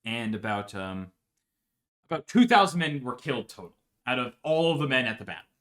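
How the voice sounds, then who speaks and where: A man's voice: mid-range voice, big pitch swings, a little fast, fairly bright tone. A man telling a history story for laughs in a profane, rambling way, often checking in with "right?". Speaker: podcast host.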